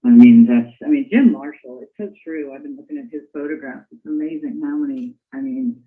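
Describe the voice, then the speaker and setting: A woman's voice: sits low, brisk. A woman hosting a casual interview, enthusiastic and asking about the old days. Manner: enthusiastic, reads a quote aloud then asks. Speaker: host. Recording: tinny phone-like line.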